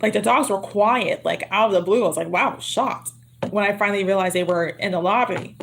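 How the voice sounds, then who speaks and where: A woman hosts a tarot reading livestream in a loose, laughing chat with her viewers. Her voice sits in a middle pitch and her throat sounds a little worn. Clear background noise runs under the home recording. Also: fast talker. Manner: chatty, laughs often, teasing; lowers her voice to a hush. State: throat getting sore. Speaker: tarot reader.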